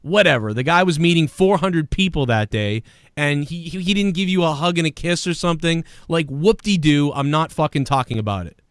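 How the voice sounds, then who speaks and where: A man hosting a podcast, ranting in a profane, animated way and mimicking people as he talks. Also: a little high, a little fast, clear, resonant tone, no echo, clean studio sound. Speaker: podcast host.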